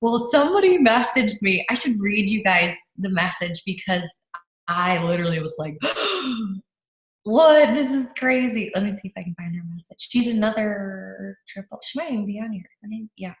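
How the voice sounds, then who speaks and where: A woman's voice: mid-range voice, a little fast. Chatty young woman on a roomy video call. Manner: animated storytelling, many restarts and fillers. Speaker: team leader. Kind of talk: casual leadership talk on a video call. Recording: roomy echo.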